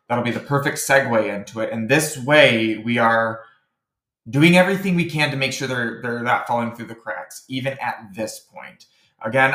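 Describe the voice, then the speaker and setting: A man's voice: mid-range voice, fairly bright tone, reverberant. A man giving a client casual, rambling feedback as a business coach, full of fillers and restarts and easy chuckles. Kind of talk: casual recorded feedback message.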